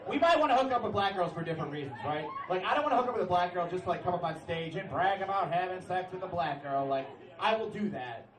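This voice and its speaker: A young man performing a brash stand-up comedy set in a comedy club, now and then bursting into shouted announcer-style bits. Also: high-pitched, lively intonation, quick pace, distant mic. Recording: roomy club sound from off-mic, loud crowd laughter.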